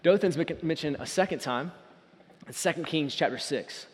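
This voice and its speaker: Pastor, male, high-pitched, earnest sermon delivery with emphatic swells, long hall reverb. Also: moderate pace. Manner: earnest, rising to loud emphatic peaks.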